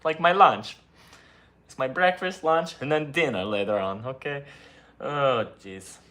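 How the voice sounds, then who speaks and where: A man voicing a mustached Italian video editor with a put-on Italian accent, rambling and defensive with many hesitations. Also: a little slow. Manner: loud, higher, rambling with many uhs.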